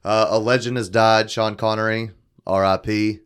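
A man's voice: on the low side, little pitch movement, normal speed, clean tone. A man hosting a casual podcast, leading the talk with frequent fillers. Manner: loud greeting, hesitant with fillers. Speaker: podcast host. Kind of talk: casual chat.

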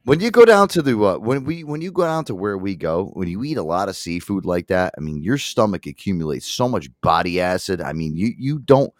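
A man's voice: low-pitched, very animated, fairly quick, hardly any pauses, dry recording, studio quality. A man co-hosting a casual podcast, telling a profane story with lots of laughter. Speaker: co-host.

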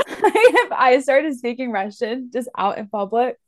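A woman's voice: sits high, big pitch swings, measured pace, no echo, clean studio sound. A woman co-hosting a book podcast in casual chat, talking in restarts with lots of "like". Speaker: podcast co-host.

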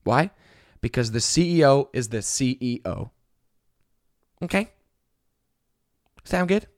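A man telling a story in a casual vlog, animated and swearing, with many fillers. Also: mid-range voice, slow pace, no room sound, studio quality.

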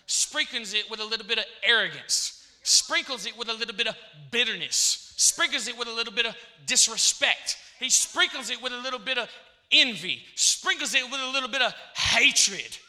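A man's voice: very high-pitched, animated, moderate pace, bright, forceful tone. A man preaching a sermon in church, repeating phrases and calling out to the congregation.

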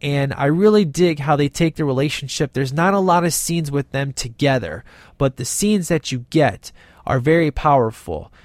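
A man's voice: a little high, animated, normal speed, darkish tone, no room sound. A man casually reviewing a movie with enthusiasm, retelling scenes and acting out the characters' lines as he goes.

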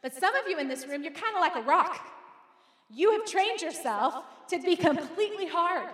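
A middle-aged woman pastor preaching a lively sermon to her congregation and calling on them to repeat her words. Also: extremely high pitch, normal speed. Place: church sanctuary. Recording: echoey hall.

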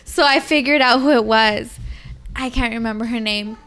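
A young woman chatting casually and telling a story in an animated way, acting out a little child's lines. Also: fairly high pitch, normal speed, smooth. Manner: animated storyteller, acts out her toddler's lines. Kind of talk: casual chat.

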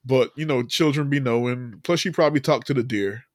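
A man's voice: medium pitch, fairly quick, no room sound. Casting: male podcast host, casual rambling storyteller, laughs easily, dry close sound. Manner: loose storyteller, many fillers, laughs often. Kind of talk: casual movie recap chat.

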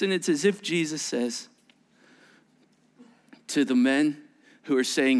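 A male pastor preaching a sermon in a conversational, animated way, acting out quoted voices and asking the listeners questions. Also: fairly high pitch, a little slow, pauses often. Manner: animated, acts out quoted voices with sudden rises; conversational, asks the congregation questions.

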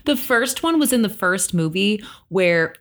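A woman co-hosting a casual TV recap chat, lively and quick to act out the characters' lines. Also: medium pitch. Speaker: podcast co-host.

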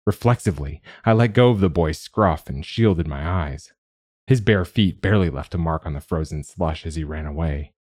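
Deep, husky male audiobook narrator. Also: moderate pace, a little mellow, no room sound, clean studio sound. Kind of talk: scripted first-person narration.

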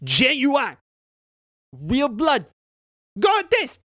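A man voicing a small, greedy, rude male fungus creature running a bar, with gruff hustling talk. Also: very high-pitched, wildly swooping pitch, very slow, no room sound, studio quality, pitched above the performer's own voice, heavily acted. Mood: mocking. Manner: gruff hustling street-vendor talk, shouting.

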